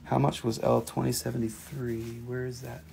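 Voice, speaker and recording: There's a little hiss or hum as an American man, raised near Washington, D.C., hosts a live mineral sales stream through his phone. His medium-pitched voice is creaky and dark in tone, level and at a moderate pace, and he's playful and jokey, swearing casually.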